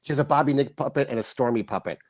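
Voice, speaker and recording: A man chatting playfully on a livestream about puppets, now and then slipping into a high sing-song voice. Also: very fast, no room sound. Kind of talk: casual chat on a livestream.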